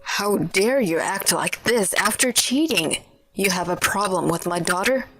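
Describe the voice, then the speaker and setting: A woman voicing a furious middle-aged father who shouts at his son-in-law. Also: medium pitch, expressive, measured pace, over music. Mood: angry.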